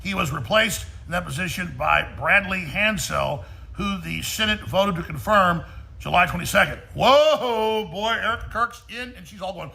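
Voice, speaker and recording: A man's voice: high voice, moderate pace, pushed and bright. A man ranting on his talk show, mocking his targets in put-on voices and repeating himself. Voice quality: gravelly, mocking. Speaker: radio show host.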